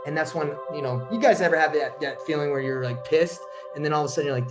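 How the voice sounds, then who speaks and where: A man with a somewhat high voice tells a story straight to camera. He is blunt and slangy, and he talks in a heated, animated way as he coaches on real estate wholesaling. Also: fast talker, hardly any pauses, music in the background.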